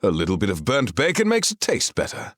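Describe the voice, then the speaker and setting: A man voicing a cheerful, hearty king in an audiobook, upbeat and bright in manner. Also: lowish voice, wildly swooping pitch, brisk, dry recording, studio quality, pitched above the performer's own voice.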